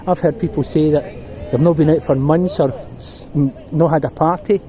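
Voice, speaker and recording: A man's voice: fairly high pitch, fairly even intonation, moderate pace, warm tone, rough recording. A middle-aged Scottish man with a rambling, chatty manner, reminiscing as he walks a city street and records on a handheld phone. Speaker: vlogger. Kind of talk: walking tour vlog.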